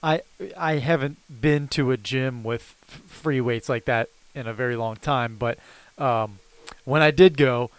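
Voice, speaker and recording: An easygoing podcast co-host chatting casually and chuckling along with his partner. His voice is smooth and clear, at a middle pitch. It is recorded close and dry. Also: measured pace, no room sound. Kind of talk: casual chat.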